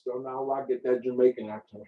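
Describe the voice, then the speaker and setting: A man's voice: medium pitch, steady tone, brisk. A man co-hosting a casual live Q&A, chiming in with short questions and remarks. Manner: asks short questions, brief interjections. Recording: dull, lo-fi sound.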